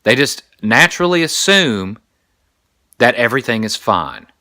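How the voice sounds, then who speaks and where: A young adult man hosting a podcast, telling a story in a casual comedic monologue, animated and crude. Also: mid-range voice, unhurried, no echo, studio quality. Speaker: podcast host.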